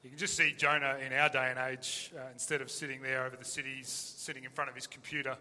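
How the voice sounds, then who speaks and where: Bright, emphatic male preacher. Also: mid-range voice, fast, long reverb tail. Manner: animated, emphatic, with rhetorical questions. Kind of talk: sermon.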